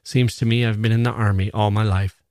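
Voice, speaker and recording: A man's voice: on the low side, steady tone, brisk, darkish tone, dry recording, studio quality, close to an everyday voice. A man voicing a cheerful young soldier with a light, joking, offhand manner. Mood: breezy.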